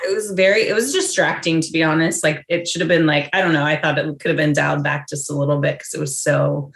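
A podcast co-host chats easily and agreeably, sprinkling "like" through every thought. The voice sits at a middle pitch with nothing unusual in its sound. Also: fairly even intonation, quick pace, gravelly, a bit bright. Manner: chatty, agreeable, heavy use of "like". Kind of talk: casual chat.

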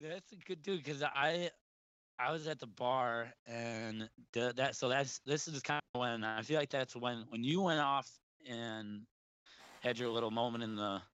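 A young man tells a rambling story in casual chat, stopping to restart his sentences and laughing as he goes. His voice sits at an average pitch for a man. The recording is dry and slightly dull. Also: measured pace, fairly bright tone, smooth, no echo.

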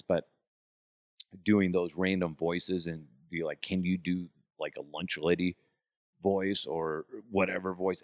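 A man's voice: sits low, no room sound, studio quality. A man hosting a podcast, telling stories in a loose, profane, rambling way. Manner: loose, profane, rambling, with quick jumps into put-on voices. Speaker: podcast host. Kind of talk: casual storytelling chat.

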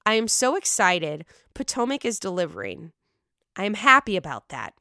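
A woman with a Pittsburgh accent gushes and swears her way through a casual podcast chat. She is sick, so her voice sits lower than normal, yet it stays bright and smooth. The recording is close and dry. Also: normal speed, no echo. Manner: excitable, profane, chatty. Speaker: podcast host.

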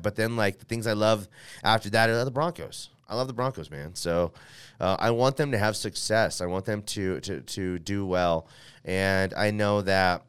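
A man hosting a casual sports podcast speaks at a fairly low pitch, his voice a bit bright and smooth, with no room sound. He rambles, corrects himself, and leans on fillers while reading an ad before moving on to his team.

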